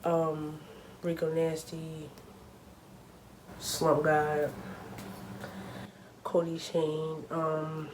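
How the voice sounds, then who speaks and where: A woman's voice: low-pitched, noisy background. A young woman talking casually to her camera at home, chatty and full of fillers, openly nervous. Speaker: vlogger.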